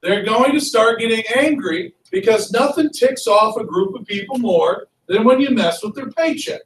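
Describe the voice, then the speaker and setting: A man lecturing a history class with a fairly high voice, constantly checking in with his students. He is recorded from a distance, so the classroom's echo carries his voice. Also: normal speed, hardly any pauses, a little hiss or hum. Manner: lively, constantly checks in with "okay?" and "right?". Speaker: history teacher. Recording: roomy classroom, mic far off.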